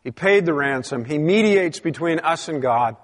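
A man's voice: on the high side, expressive, normal speed, long reverb tail. A man preaching a sermon, reading scripture aloud with emphatic rises and drops in his delivery. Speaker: pastor.

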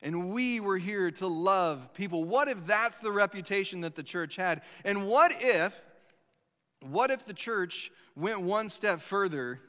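A man's voice: high voice, sharp tone. A man preaching a sermon as a pastor, telling stories in a loose, conversational way with frequent restarts. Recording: long hall reverb.

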